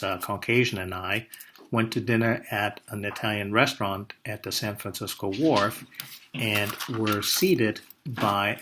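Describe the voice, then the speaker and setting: An older man born in Indonesia, telling a personal story in a measured way, pausing often with "uh". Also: fairly low pitch, sharp tone, slight background noise. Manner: measured, with frequent "uh" pauses.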